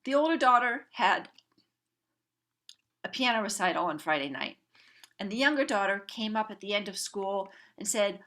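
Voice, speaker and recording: A woman coaching parents, telling a family story to a group in an animated way and acting out the people in it. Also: mid-range voice, normal speed, long pauses. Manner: animated, acts out quoted family members.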